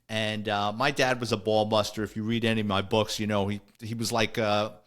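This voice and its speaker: A man's voice: on the low side, fairly quick. A middle-aged man, hosting a podcast and telling stories in a casual, wisecracking way, acting out the voices of the people in them. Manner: animated, wisecracking, acts out quoted voices. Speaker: podcast host. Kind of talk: casual storytelling.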